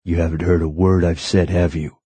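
A man voicing an educated, dignified male maître d' who speaks in a low, measured, formal way. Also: little pitch movement, dark tone, breathy edge, no room sound. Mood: urgent, stern.

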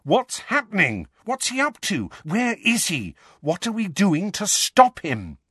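A man voicing an angry, sarcastic teenage boy who makes loud demands in a storybook reading. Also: mid-range voice, sing-song, fairly quick, no room sound, studio quality, voice pushed up. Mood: furious.

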